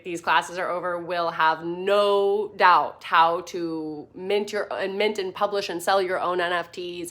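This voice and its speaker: A woman's voice: lowish voice, pushed and bright. A woman giving a casual online class over slides, chatty and playful, with fillers and little laughs. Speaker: course teacher.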